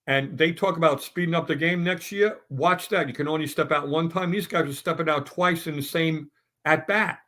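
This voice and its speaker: Middle-aged guy ranting about baseball, kinda high voice, blunt and fired up. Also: normal speed, sharp tone. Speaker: sports talk panelist. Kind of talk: opinionated sports talk.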